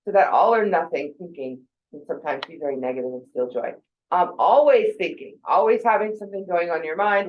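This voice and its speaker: A woman's voice: lowish voice, lively intonation, a little fast, muffled recording. A woman in her forties giving a casual, conversational talk about thinking habits, with fillers and quoted asides. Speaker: speaker on mental health.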